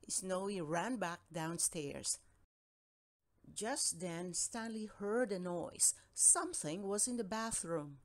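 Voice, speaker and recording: A woman narrating a children's picture book in a gentle, expressive storytelling voice. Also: fairly low pitch, slow. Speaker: storybook reader. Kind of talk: children's read-aloud narration.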